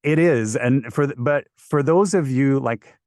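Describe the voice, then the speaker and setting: A man's voice: mid-range voice, a little slow, a little mellow, no room sound, clean studio sound. A man from Quebec, a voice actor talking casually as an interview guest and telling stories in a rambling, self-correcting way. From Quebec, Canada.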